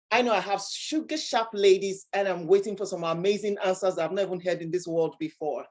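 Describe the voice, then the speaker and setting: A woman's voice: lowish voice, a little slow. A woman hosting an online workshop over a video call, bubbly, laughing often and full of exclamations. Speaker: workshop host.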